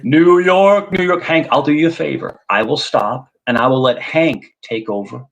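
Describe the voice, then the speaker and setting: A man on a live stream panel, trolling with loud, repetitive teasing and constant overtalking. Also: mid-range voice, normal speed, creaky, poor audio.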